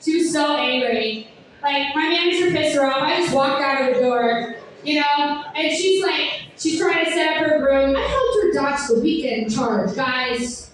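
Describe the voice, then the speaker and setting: A young woman doing a stand-up comedy set with a sardonic, rambling delivery, breaking into sung and shouted bits. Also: high voice, unhurried. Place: comedy club stage. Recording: echoey club from far off.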